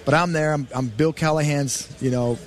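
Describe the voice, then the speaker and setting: A man's voice: fairly high pitch, fairly even intonation, moderate pace. A man in his forties, a former pro football player, telling rambling stories as a radio show guest. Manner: rambling anecdotes full of fillers. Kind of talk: storytelling interview on radio. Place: radio studio.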